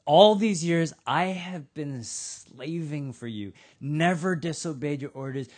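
A man's voice: on the high side, slow pace. A man voicing a resentful grown older brother who lectures his father in a retold parable.

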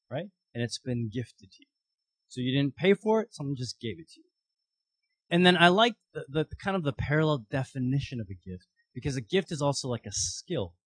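A man preaching a sermon, telling a story with lively, animated voices for its characters. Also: mid-range voice, breathy edge, no echo. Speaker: pastor.

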